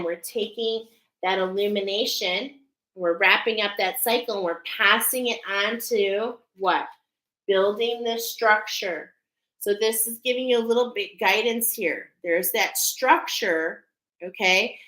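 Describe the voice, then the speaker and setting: A woman's voice: mid-range voice, pushed and bright. Woman host, oracle card reader, earnest and emphatic delivery, in an echoey room. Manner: earnest, emphatic, repeats "okay?" often. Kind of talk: spiritual card reading to viewers.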